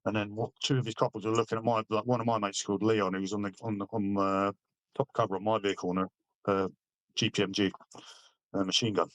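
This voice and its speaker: Man, middle-aged, from Britain, low voice, dry sound, blunt, sweary, halting. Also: little pitch movement, fairly bright tone, dry recording. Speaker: army veteran guest. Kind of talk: casual interview storytelling.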